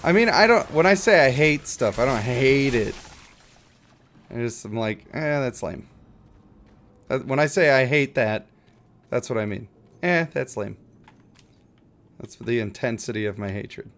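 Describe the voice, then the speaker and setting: A man's voice: mid-range voice, lively intonation, normal speed, a bit bright. A man streaming a game, chatting casually and rambling in a wry, self-mocking way while reading chat.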